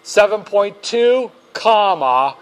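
A man's voice: sits high, lively intonation, takes it slowly, clean tone. A man teaching a finance class step by step, joking with his students as he walks them through calculator keystrokes. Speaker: finance instructor. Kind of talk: classroom lecture.

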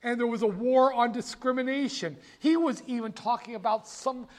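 An older man telling history in a casual, animated, folksy way, often correcting himself mid-sentence. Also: very high-pitched, moderate pace. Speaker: storyteller.

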